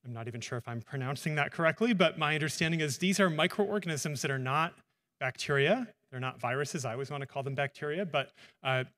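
A man's voice: fairly high pitch, fast talker, bright, forceful tone. A male professor moderating a panel on stage, speaking off the cuff with frequent filler words. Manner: hesitant, many uh fillers, friendly. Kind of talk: unscripted moderating. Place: lecture hall stage. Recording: long hall reverb.

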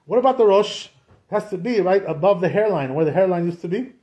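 Speaking fast in a high, expressive, mellow voice with the top end cut off, this rabbi leads a casual lesson on Jewish law. His delivery is conversational, packed with rhetorical questions, and sprinkled with Hebrew and Aramaic words.

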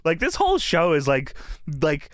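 A man co-hosting a podcast, recapping an old wrestling show in casual chat, excitable, laughing often and swearing freely. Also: on the high side, normal speed, no room sound, studio quality. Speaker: podcast co-host.

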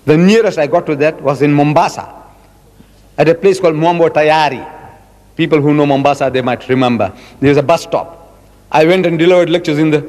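A man from South Africa giving a public religious lecture, dramatic and animated with lots of repetition. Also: a little high, long reverb tail. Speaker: Islamic lecturer.

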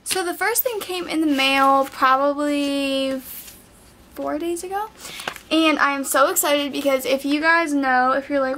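A teenage girl rambles through a makeup haul from her bedroom, her high, bright voice full of gushing and endless "like" fillers. A faint hiss and a few clicks sit under her voice. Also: steady tone, measured pace. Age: teens. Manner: chatty, gushing, heavy on "like" fillers. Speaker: beauty vlogger. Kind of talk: casual makeup haul chat. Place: bedroom at night.

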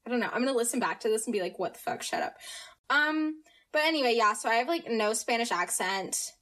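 A teenage American girl hosting a casual podcast, chatty and upbeat, jumping between quick asides. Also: on the high side, expressive, fairly bright tone. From United States. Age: teens. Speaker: podcast host. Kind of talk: casual chat.

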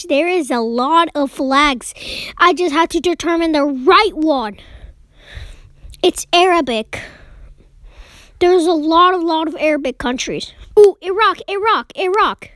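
A young woman giving casual commentary while playing a map-guessing game, excitedly talking to herself as she guesses. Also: very high voice, unhurried, no room sound, clean studio sound. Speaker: game player.

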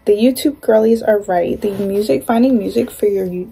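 A woman's voice: medium pitch, normal speed, creaky, warm tone, slightly rough, soft background music. A young woman with a light Southern accent, talking in a chatty, slangy, rambling way as she vlogs. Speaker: vlogger. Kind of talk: casual vlog chat.

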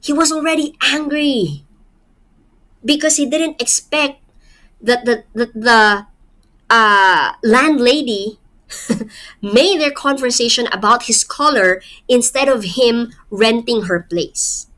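Filipino lady teaching a poem, kinda high voice, talks real slow, asks the class questions as she goes. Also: a bit bright. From Philippines. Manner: explains slowly with rhetorical questions and light laughs. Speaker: literature teacher. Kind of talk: poetry lecture.

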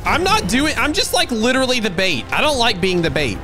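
Male gaming host, jumpy and loud, with game music under him. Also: very high-pitched, brisk. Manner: excitable, shouts and yelps in panic. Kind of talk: excited multiplayer gameplay chat.

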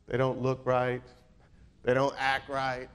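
A man's voice: mid-range voice, monotone, slow pace, smooth. A male pastor preaching a sermon, reading scripture aloud and calling out questions to his congregation. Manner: reads scripture aloud in King James wording.

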